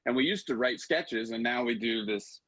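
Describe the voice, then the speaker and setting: A male radio guest with a husky voice and a mid pitch, rambling in a laid-back way with plenty of hesitations. He sounds close and dry, with no room around him. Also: normal speed, bright, forceful tone, no echo. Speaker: guest podcaster. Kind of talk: casual radio chat.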